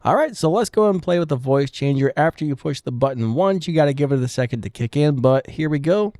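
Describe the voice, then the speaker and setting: A man talks through a gear review in an easy, chatty way. His voice is mellow and dark, recorded close and dry on a studio broadcast mic. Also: a little high, fairly quick, no echo. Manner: relaxed, chatty explaining. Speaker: product reviewer. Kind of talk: casual product review demo. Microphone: studio broadcast microphone.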